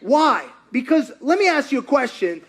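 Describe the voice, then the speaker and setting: A middle-aged male pastor giving a lively sermon, retelling stories with acted quotes and questions to the audience. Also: extremely high pitch, moderate pace. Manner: animated storyteller, acts out quotes, asks the audience.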